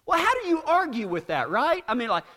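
High, lively preacher in a hall. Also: male voice, brisk. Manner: animated, acts out both sides of arguments. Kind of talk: sermon with storytelling.

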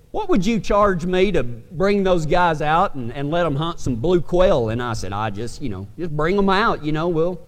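A man with a Texan accent, a pastor from West Texas telling a folksy, animated story to his congregation. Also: fairly high pitch, in a large hall. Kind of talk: storytelling sermon.

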